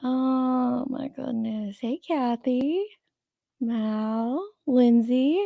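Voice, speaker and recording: A woman's voice: a little high, extremely slow, gravelly, no echo, muffled recording. A woman hosting a livestream, chatting casually with her viewers, greeting them by name, and sounding a little sleepy. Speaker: livestream host. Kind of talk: casual chat with live chat viewers.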